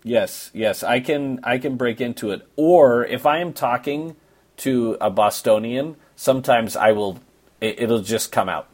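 A man's voice: medium pitch, measured pace, darkish tone. A man from Massachusetts hosting a casual sports podcast, joking and bantering with his co-host.

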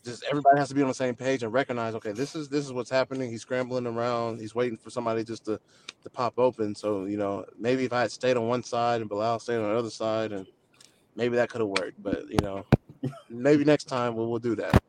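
A football player being interviewed remotely, answering in a measured way with lots of "I mean". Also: male voice, medium pitch, steady tone. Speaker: guest, pro football player. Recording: noisy remote call, choppy.

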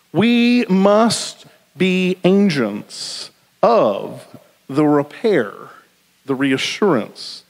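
Male preacher, high voice, conversational and animated delivery, church hall reverb. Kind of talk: sermon.

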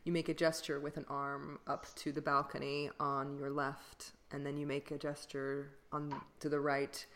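Lady with a low voice, chatty podcast co-host, lots of laughs and ums. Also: monotone, normal speed, fairly bright tone. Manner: laughs often, rambling with fillers. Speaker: podcast co-host, classical singer. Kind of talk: casual chat.

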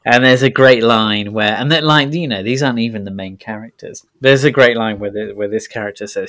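A man's voice: lowish voice, brisk, hardly any pauses, a bit bright. A man co-hosting a podcast in casual chat, laughing often and restarting his sentences. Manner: laughing, hesitant with many restarts. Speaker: podcast co-host.

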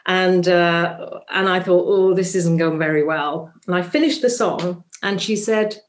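A woman's voice: fairly low pitch, measured pace. A Welsh woman, a musical theatre actress, telling a story in a chatty interview full of ums. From Wales. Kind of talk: casual interview anecdote.

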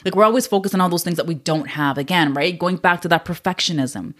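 A woman's voice: fairly low pitch, fast, a bit bright. A woman hosting a wellness podcast, talking in a casual, candid way with many fillers and frequent laughs, a little choked up at times. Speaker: podcast host. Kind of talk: casual solo podcast talk.

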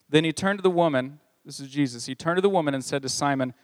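A man's voice: fairly high pitch, fast talker, hardly any pauses, no echo. A man preaching a sermon as pastor, reading scripture with a conversational manner and joking asides. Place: church.

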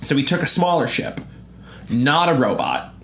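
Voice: mid-range voice, wildly swooping pitch, moderate pace, fairly bright tone, reverberant, slight background noise. A person in casual chat, incredulous and sarcastic, swearing freely and asking lots of questions.

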